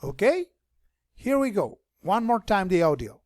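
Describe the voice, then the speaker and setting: A man teaching an online class, explaining things slowly and switching between English and Spanish. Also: high voice, very animated, darkish tone, no echo, studio quality.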